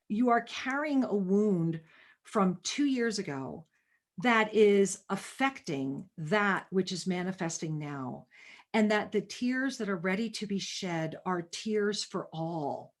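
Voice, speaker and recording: A woman's voice: medium pitch, animated, slow. A woman hosting a spiritual talk show, giving a caller a reading and calling her honey and sweetheart. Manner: warm, affectionate, calls caller honey. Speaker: host and spiritual reader.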